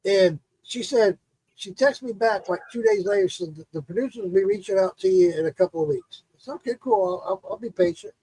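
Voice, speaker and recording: A man's voice: sits high, big pitch swings, fairly quick, creaky, warm tone, husky, no echo, rough recording. A man telling a long, profane story in casual chat and acting out the quotes.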